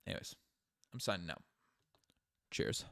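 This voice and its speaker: Speaking at a measured pace with a sharp tone, a young Newfoundland channel host with a light accent from home chats casually on his live stream. It's rambling, with many restarts and laughs, in a dry recording of clean studio quality.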